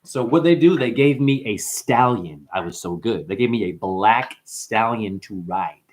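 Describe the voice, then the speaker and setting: His voice sits on the low side and moves at a measured pace as he runs a spiritual livestream. He chats animatedly with viewers, addresses them as honey, and chants mantras.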